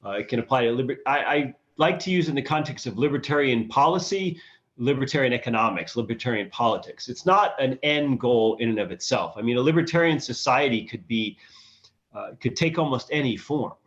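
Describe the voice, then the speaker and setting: A man's voice: mid-range voice, animated, brisk. Man, from the US South, interview guest, earnest, explanatory, dull lo-fi audio. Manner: earnest, explanatory, restarts while thinking. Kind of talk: conversational interview.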